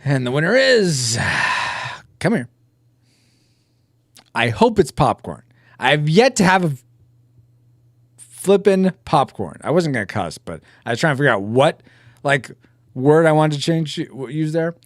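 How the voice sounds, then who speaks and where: A man's voice: on the high side, very animated, measured pace, long pauses, no echo, studio quality. A man live-streaming while drawing pixel art, chatting casually and joking about himself to his viewers. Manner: chatty, self-mocking, talks to chat.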